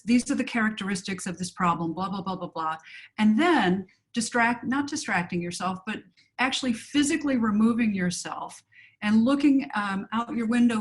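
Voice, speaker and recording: Woman coach, webinar co-host; conversational, acts out sample lines. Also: medium pitch. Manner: explains with acted example lines, many fillers.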